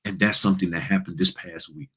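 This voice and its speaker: Husky low-voiced man hosting a livestream. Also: fast talker. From Virginia. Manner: animated, preachy, slangy, talks to chat. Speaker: notary business coach and livestream host. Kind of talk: casual livestream talk. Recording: livestream from home studio.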